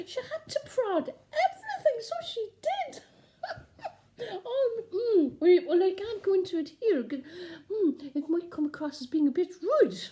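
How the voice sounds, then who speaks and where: A woman plays a cheeky nun who gossips and giggles through a rambling comic monologue. Her voice is high and mellow, and it swoops up and down as she chatters on. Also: exaggerated voice.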